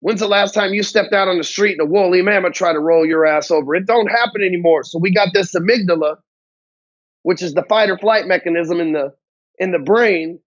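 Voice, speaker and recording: A man with a fairly high voice gives a blunt, swear-filled motivational business talk straight to camera. The sound is dull and lo-fi, with a dry, close feel and no room echo. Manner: blunt, heavy swearing, slangy grammar. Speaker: business coach.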